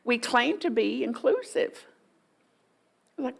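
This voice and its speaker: A woman's voice: a little high, unhurried, low-quality recording. A woman pastor giving a folksy, playful sermon in a church, often mimicking voices for humor. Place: church sanctuary.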